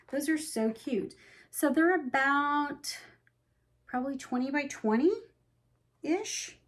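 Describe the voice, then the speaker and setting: A woman with a slightly high voice talks casually to her viewers, cooing over little stitched motifs. She gushes in a chatty way and now and then drops to a soft hush. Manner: gushing, chatty, with soft hushed asides. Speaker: cross-stitch vlogger. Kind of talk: casual show-and-tell chat.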